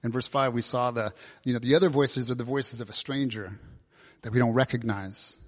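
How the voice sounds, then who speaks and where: A man's voice: mid-range voice, steady tone, brisk. Man preaching in a reverberant hall. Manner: conversational, asks many questions. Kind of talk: sermon. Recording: long reverb of a large hall.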